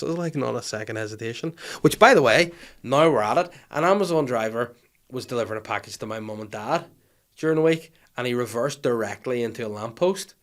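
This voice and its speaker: A man with a Northern Irish accent hosting a podcast, telling comic stories with lots of swearing and acted-out voices. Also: medium pitch. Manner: animated, swears freely, acts out voices in anecdotes. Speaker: podcast host. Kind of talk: comic storytelling chat.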